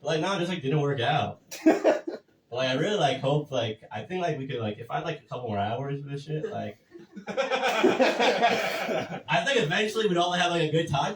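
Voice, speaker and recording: A man's voice: on the high side, big pitch swings, normal speed, roomy sound, distant mic, slight background noise, low-quality recording. A man doing a stand-up set, crude and self-deprecating, rambling with lots of fillers. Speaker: stand-up comedian. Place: comedy club stage.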